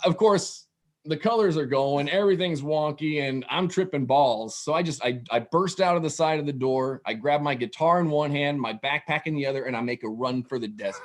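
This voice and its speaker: A man telling a wild story for laughs, profane and animated, with laughing asides. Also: a little high, fairly quick. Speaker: guest storyteller. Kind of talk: comedic storytelling.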